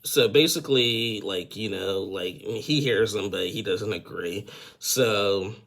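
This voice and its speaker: A man's voice: lowish voice, takes it slowly, fairly bright tone. A man casually retelling a reality TV episode, rambling and a bit tired. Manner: rambling, full of fillers and "and everything". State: yawning, tired. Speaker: reality TV recap vlogger.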